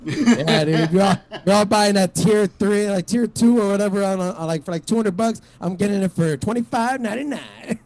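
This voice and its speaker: A man's voice: high-pitched, moderate pace, darkish tone. A man doing a stand-up set at an online open mic, rambling and profane, full of fillers and restarts. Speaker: stand-up comic.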